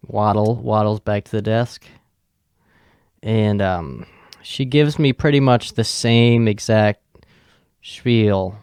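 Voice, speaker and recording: Slow, gravelly-voiced man telling a story. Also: lowish voice, darkish tone, dry recording, clean studio sound. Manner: profane, rambling anecdote teller. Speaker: podcast host. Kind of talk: casual storytelling.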